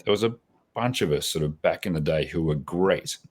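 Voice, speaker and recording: A man's voice: deep voice, animated, fairly quick, darkish tone. A man in his forties with an Australian accent, answering interview questions in a reflective, casual way with many restarts. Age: 40s. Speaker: podcast guest.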